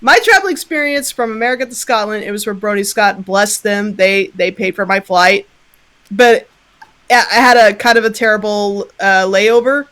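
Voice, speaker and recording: A woman from Texas tells an animated story in a casual livestream chat and laughs often. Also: mid-range voice, normal speed. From Southern Texas. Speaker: guest.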